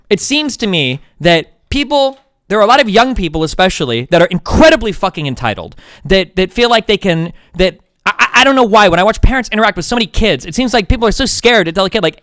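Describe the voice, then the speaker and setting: A man's voice: high voice, very animated, fast, a bit bright, no room sound, studio quality. A man streaming live, ranting at length in a profane, indignant and sarcastic way. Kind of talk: heated livestream rant.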